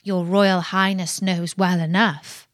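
A woman voicing a humble young garden boy who answers quietly and respectfully in a storybook reading. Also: lowish voice, little pitch movement, takes it slowly, dry recording, clean studio sound. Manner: quiet, reserved replies.

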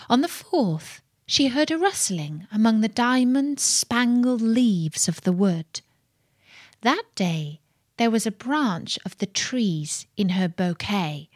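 A woman narrating a fairy tale with expressive storytelling. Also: on the high side, dry recording, clean studio sound.

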